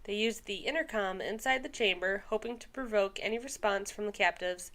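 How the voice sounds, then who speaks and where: A young woman reads a long story aloud on a podcast. Her voice sits in a mid range. She pauses often for casual asides and trips over words now and then. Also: mid-range voice, a bit bright. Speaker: podcast co-host.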